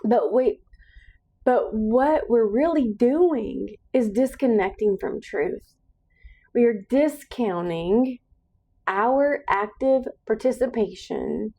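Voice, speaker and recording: A woman's voice: fairly high pitch, warm tone. A woman hosting a solo podcast, speaking in an earnest, encouraging monologue with emphatic repetition. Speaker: podcast host.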